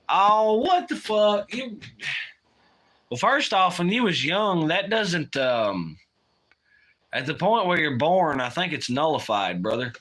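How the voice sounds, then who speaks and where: A man's voice: medium pitch, fairly bright tone. A man hosting a casual livestream, rambling and swearing while he reads chat aloud. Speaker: livestream host.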